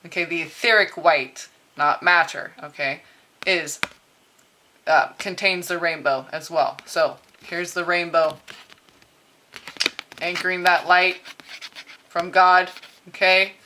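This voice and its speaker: A woman's voice: fairly low pitch, steady tone, takes it slowly, long pauses, sharp tone, slight background noise. A woman giving a casual, chatty spiritual tarot reading straight to her viewers, laughing often and swearing freely. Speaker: tarot reader.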